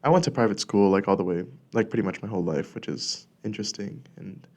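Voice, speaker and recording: A young man from California hosting a casual solo podcast, rambling with lots of fillers and restarts, a little congested and clearing his throat. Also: on the low side, fast talker, a little mellow. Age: young adult. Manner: rambling, filler-heavy with many likes and restarts. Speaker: podcast host. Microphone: studio podcast mic.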